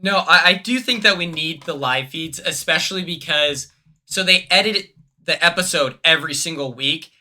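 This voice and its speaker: High bright-voiced guy hosting a stream, talks fast and excited, lots of likes and ums. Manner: quick, excitable storyteller with lots of fillers. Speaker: streamer host. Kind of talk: casual chat on a livestream.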